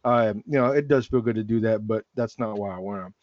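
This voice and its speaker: A man hosting a casual sneaker chat, relaxed and rambling, often restarting his sentences. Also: fairly low pitch, brisk, dry recording, lo-fi sound. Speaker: sneaker podcast host.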